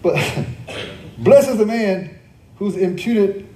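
Man preaching with a warm voice in a roomy church. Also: sits high, lively intonation, very slow, a little hiss or hum. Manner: repeats key phrases and quizzes the congregation; conversational preaching with joking asides. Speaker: pastor. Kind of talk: sermon. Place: church service.

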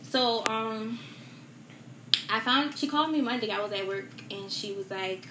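A young woman as a guest, telling a personal loss in a soft, halting way with many fillers and repetitions, in a roomy, noisy recording. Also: fairly high pitch. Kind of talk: emotional personal story in a podcast chat. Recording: roomy echo with steady background noise.

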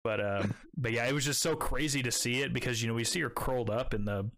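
A man's voice: mid-range voice, fast talker, a bit bright. A young man telling a long, rambling story in casual chat, swearing often and filling gaps with "like" and "um.". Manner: rambling, profane, heavy filler words.

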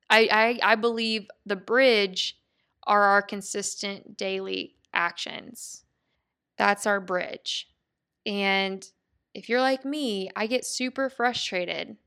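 A woman's voice: medium pitch, fairly bright tone, clean tone. A woman hosting a podcast, talking in an earnest, heartfelt way and thinking aloud with restarts. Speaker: podcast host. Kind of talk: reflective motivational monologue.

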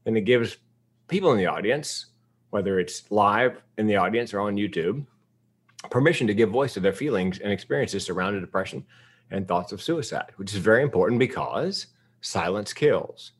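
A man in his fifties from the United States, telling a personal story in a public talk with comic timing and deadpan asides. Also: fairly low pitch, normal speed, slightly rough. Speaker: speaker.

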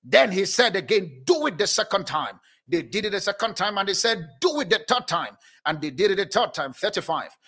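A man preaching a sermon as a prophet, reading scripture slowly and making emphatic declarations. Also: sits high, very animated, pushed and bright, husky. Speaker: pastor.

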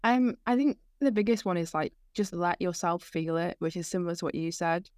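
A woman's voice: lowish voice, fairly even intonation, fairly quick, a little mellow, dry recording, studio quality. A young woman at university, telling her story in casual podcast chat, earnest and full of "like"s. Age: young adult. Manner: earnest storytelling, many fillers like "like". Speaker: university student guest.

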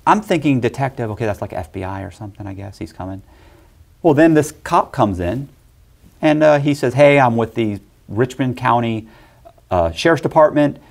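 A middle-aged man telling a personal story in casual talk, animated and acting out other people's lines in quick voices. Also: medium pitch, vocal fry.

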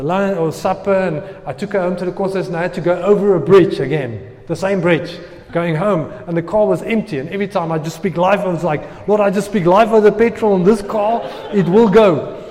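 Animated pastor in a hall. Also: male voice, sits high. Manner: animated storyteller, acts out his own prayers loudly. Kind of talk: sermon with personal story.

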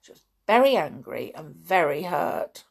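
A woman narrating a children's storybook in a measured, expressive way. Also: sits low, creaky, slightly rough. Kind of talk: storybook reading.

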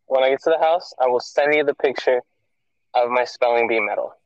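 A man's voice: medium pitch, fairly quick, no echo, dull audio. A young man co-hosting a podcast in casual chat, firing back teasing, matter-of-fact comebacks. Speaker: podcast co-host.

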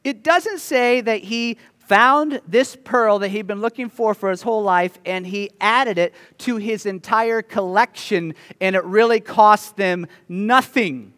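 A male pastor preaching a sermon, telling the story with lively, playful asides to the congregation. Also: high-pitched, a little slow, hardly any pauses, in a large hall. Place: church sanctuary.

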